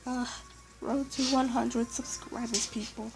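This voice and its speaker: A woman giving casual, excitable commentary while playing a game. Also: on the high side, measured pace, creaky. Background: game music.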